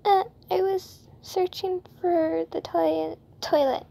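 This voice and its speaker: A woman's voice: very high-pitched, fairly even intonation, slow, gravelly, mellow, pitched above the performer's own voice, exaggerated voice. A woman voicing a timid, tearful little boy who stammers shyly, in a comic dub. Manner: shy, stammering.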